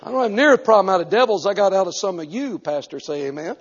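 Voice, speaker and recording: A man preaching a sermon as an evangelist, telling a story animatedly and breaking into sudden shouts. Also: high-pitched, expressive, quick pace. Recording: echoey hall, dull lo-fi sound.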